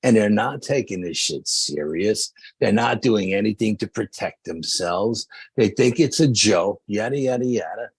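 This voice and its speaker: A man guest on a podcast, telling a paranormal investigation story in a casual, lively way with slangy fillers. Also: on the low side, measured pace, hardly any pauses, husky, no echo.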